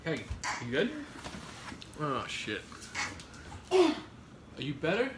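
Man host, livestream banter, profane and joking, lively pitch, echoey noisy room. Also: slow pace. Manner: joking, swears often. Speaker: host of a pizza review livestream. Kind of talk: casual on-stream banter. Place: indoors at a table during a livestream.

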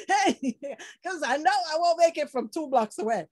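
A woman preaching an informal online sermon, lively and laughing often, acting out quoted people with sudden shouts and low murmurs. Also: normal speed, noisy background. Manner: quotes people in acted voices.

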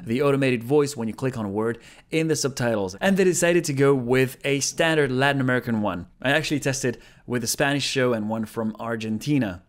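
A man's voice: medium pitch, brisk. Chatty man reviewing a language app. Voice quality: chatty, amused, repeats phrases to study them. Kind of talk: casual explanatory review.

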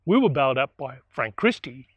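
A man's voice: mid-range voice, big pitch swings, a little fast, husky, no room sound, lo-fi sound. A man doing a plain-spoken young bushman. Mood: earnest.

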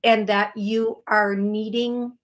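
A woman hosting a call-in radio show as a psychic medium, giving a caller a reading in an unhurried, self-deprecating way with an American accent. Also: medium pitch, little pitch movement.

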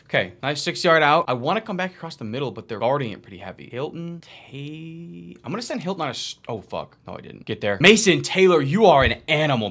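A man giving live commentary while playing a college football video game, muttering plays to himself and bursting into loud excited yells and swearing. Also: mid-range voice. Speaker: gaming video creator.

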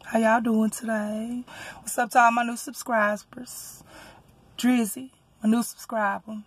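A woman with a Southern US accent, a rideshare driver from Texas, telling a story in a profane, animated rant and loudly acting out what people said. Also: fairly high pitch, measured pace, slightly rough, no room sound.

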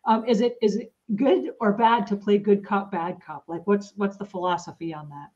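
A woman's voice: mid-range voice, expressive, normal speed, a little mellow. A woman hosting a podcast, chatting casually and telling stories with lots of fillers, acting out what people said. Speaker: podcast host. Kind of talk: casual chat, storytelling. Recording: dull lo-fi sound.

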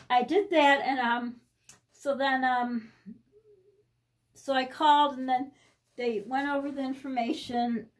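A middle-aged woman from the United States talking to camera in a casual personal vlog, rambling and anxious, often restarting her sentences. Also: high voice. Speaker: vlogger.

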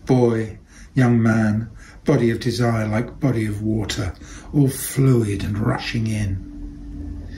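Low voiced guy reading a novel, real slow and deliberate. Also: steady tone, creaky, warm tone, slight background noise, poor audio. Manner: measured, deliberate delivery. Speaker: reader. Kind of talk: literary fiction reading.

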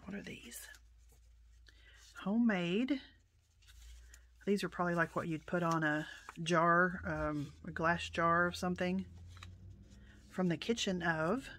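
A woman chatting through an unboxing of her mail haul, softly spoken, often exclaiming in delight and sometimes slipping into a whisper. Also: fairly low pitch, a little hiss or hum. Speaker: vlogger showing a mail haul. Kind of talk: casual unboxing chat.

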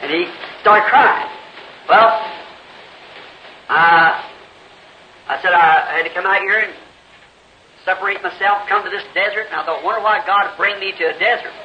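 A high-pitched man in his fifties with a Southern US accent tells homespun stories from the pulpit, acting out the voices of the people in them. His prayers climb into earnest pleading. The sound comes from a dull, lo-fi 1960s church tape that is roomy, with a faint hiss underneath. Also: normal speed, long pauses. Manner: folksy, acts out quoted voices, rises to pleading prayer. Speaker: preacher. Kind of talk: storytelling sermon. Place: church auditorium.

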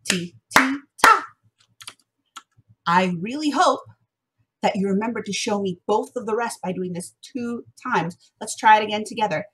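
A slightly husky young woman, recorded at home, encourages first graders through a remote music lesson in a bright, sing-song manner. Her voice is mid-range and her pace normal, with a little hiss or hum in the audio.

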